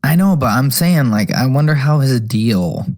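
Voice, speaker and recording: A man's voice: medium pitch, animated, moderate pace, darkish tone. A man co-hosting a podcast, chatting casually and thinking aloud, full of likes and trailing questions. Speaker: podcast co-host. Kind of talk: casual chat.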